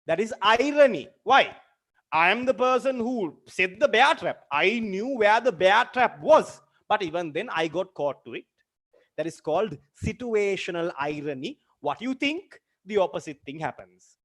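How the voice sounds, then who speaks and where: A man's high voice, with lively intonation, a moderate pace and a fairly bright tone, leads an online literature lecture. He explains terminology using repeated examples and directs questions at his students.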